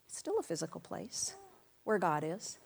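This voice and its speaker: Woman preaching in church, lively and playful, suddenly gets loud calling out to the room, acts out little voices. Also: fairly low pitch, moderate pace, gravelly, husky. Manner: animated, calls out to the congregation in big loud bursts. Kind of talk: sermon.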